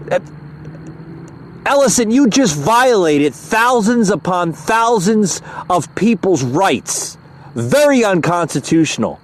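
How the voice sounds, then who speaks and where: A man hosting a political podcast, sounding aggravated and stumbling over many fillers as he comments. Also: high-pitched. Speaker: podcast host.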